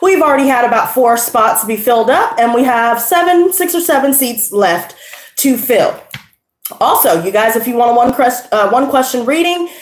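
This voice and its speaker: A woman's voice: fairly high pitch, echoey room. A woman hosting a tarot livestream, chatting casually in a brash, profane, slangy way and out of breath.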